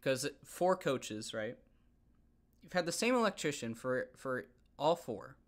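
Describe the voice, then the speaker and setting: A young man hosting a podcast, ranting heatedly about basketball in a casual, animated way and often repeating himself. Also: mid-range voice, measured pace. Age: young adult. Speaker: podcast host. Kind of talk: casual sports rant.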